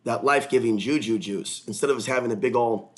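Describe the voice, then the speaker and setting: A man rambling through an erratic livestream monologue, hopping between topics and breaking into sudden loud outbursts. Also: medium pitch, fast. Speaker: livestream host.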